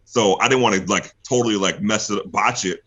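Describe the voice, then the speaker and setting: A man's voice: fairly low pitch, fairly quick, pushed and bright, breathy edge, dull audio. A young man guesting on an interview show, telling a story casually, acting out what other people said and laughing often. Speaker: guest, pro wrestler.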